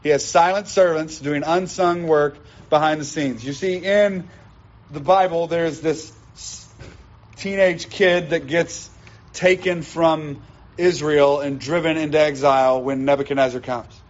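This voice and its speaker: A man's voice: a little high, fairly even intonation, measured pace. Emphatic male preacher, muffled sound. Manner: emphatic teaching, repeats key lines. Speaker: pastor. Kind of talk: sermon. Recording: dull lo-fi sound.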